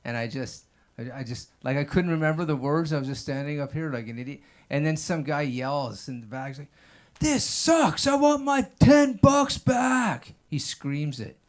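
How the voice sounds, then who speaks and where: A man's voice: mid-range voice, fairly quick. A man doing a loose, rambling stand-up set at an open mic, peppering his talk with "like" and "man". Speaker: stand-up comedian. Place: stage at an open mic showroom.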